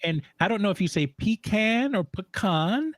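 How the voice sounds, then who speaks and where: A man chatting casually on a talk show, telling animated stories with frequent restarts and laughs. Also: high voice, moderate pace, no room sound. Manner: animated storyteller, laughs often, many restarts. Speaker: co-host of a social media talk show. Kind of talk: casual chat.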